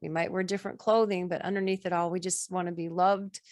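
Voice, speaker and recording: Older woman guest, animated storyteller, dry close sound. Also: fairly low pitch, fast, no echo. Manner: warm, expressive, laughs often. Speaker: guest therapist. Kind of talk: conversational storytelling.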